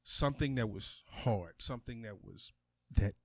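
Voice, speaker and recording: A man's voice: fairly low pitch, moderate pace, no echo. A man co-hosting a podcast, easygoing and slangy, laughing often. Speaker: podcast co-host. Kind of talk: casual chat. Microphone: podcast mic in a small studio shed.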